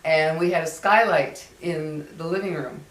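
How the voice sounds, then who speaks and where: A woman's voice: sits low, normal speed, a bit bright. Chatty woman telling a story in an echoey room. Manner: chatty, repeats phrases, acts out quotes. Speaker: vlogger. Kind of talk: casual storytelling. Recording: echoey room, far from mic.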